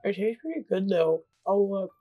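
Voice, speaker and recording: A young woman vlogging her baking, excitable and gasping, swearing and repeating herself, reading recipe steps aloud between outbursts. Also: medium pitch, normal speed, narrow, tinny audio, faint music behind. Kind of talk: casual vlog.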